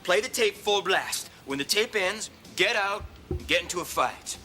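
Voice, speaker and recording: A man doing a high, sharp-voiced schemer. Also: expressive, normal speed, a little hiss or hum. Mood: commanding.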